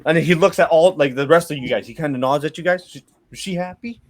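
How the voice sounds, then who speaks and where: A man's voice: on the high side, fast. A man narrating a tabletop game as game master, rambling with many restarts.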